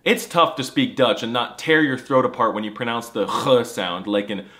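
A man's voice: mid-range voice, normal speed, sharp tone. A man delivering a scripted comedy monologue in a mock-serious, snarky, exaggerated way. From United States. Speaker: comedy language creator.

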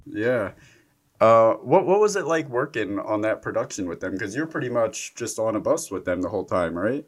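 A man hosting a casual interview, asking enthusiastic but halting questions. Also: lowish voice, animated. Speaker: podcast host.

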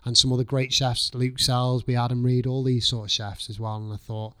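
Swearing chef telling stories. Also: male voice, medium pitch, fairly quick. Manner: swears freely, lively storytelling, acts out own past thoughts. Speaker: chef guest. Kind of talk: casual podcast chat.

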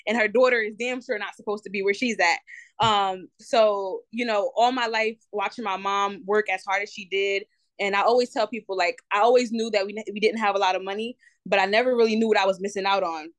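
A woman's voice: medium pitch, brisk, dry recording. Chatty New Jersey woman in her twenties. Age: 20s. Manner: lively, chatty, slangy with frequent ums. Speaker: guest entrepreneur. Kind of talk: casual interview.

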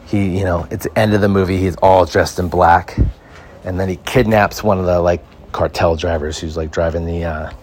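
A man's voice: deep voice, a little hiss or hum. A man from Mexico hosting a comedy podcast, rambling and joking as he tells stories. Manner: rambling, joking, animated storytelling. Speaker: podcast host. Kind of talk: casual comedy chat.

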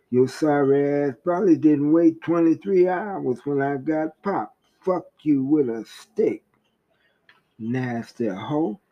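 A man's voice: medium pitch, lo-fi sound. A man voicing a furious, foul-mouthed male prisoner who spits crude insults. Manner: profane, spitting insults.

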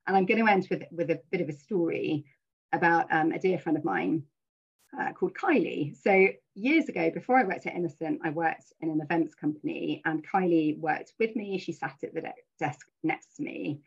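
Husky middle-aged woman, earnest webinar talk. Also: low voice, normal speed, muffled recording. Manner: earnest, reflective, with frequent fillers. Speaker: webinar speaker.

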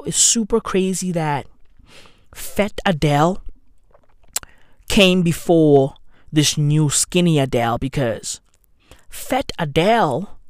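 Slow, slangy man ranting. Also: high-pitched, no echo, clean studio sound. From London. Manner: slangy, sardonic rant with mock apologies. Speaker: comedian and podcaster. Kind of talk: profane comedic monologue. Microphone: new studio microphone.

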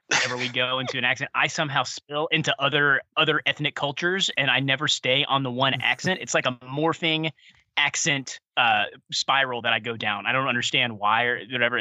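A man's voice: medium pitch, brisk, pushed and bright, no room sound. A man visiting another podcast as a guest host, chatty and eager, rambling about his interests. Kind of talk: casual podcast chat.

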